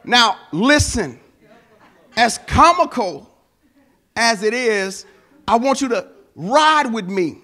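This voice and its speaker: A man's voice: very high voice, sing-song, takes it slowly, long pauses, sharp tone. A male pastor preaching a sermon, telling a personal story and building to emphatic exhortation.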